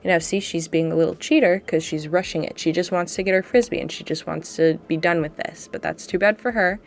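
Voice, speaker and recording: A woman with a slightly low voice talks through her dog training footage in a relaxed, chatty way. She pokes fun at herself and laughs often. She records the voiceover from home, seated beside her dog. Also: a little fast, creaky.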